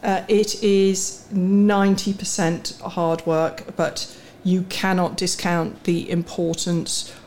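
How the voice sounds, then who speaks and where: A woman's voice: on the low side, little pitch movement, slow, hardly any pauses, darkish tone, a little hiss or hum. A middle-aged woman guest on a podcast, a chief executive, chatting frankly and mocking herself with easy laughter. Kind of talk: casual podcast interview.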